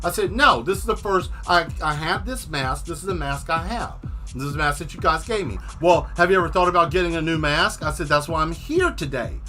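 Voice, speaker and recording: A man hosting a casual stream, telling a long exasperated story with plenty of swearing and animated asides. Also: fairly high pitch, fairly quick, soft background music. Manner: exasperated, profane, animated retelling. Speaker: host.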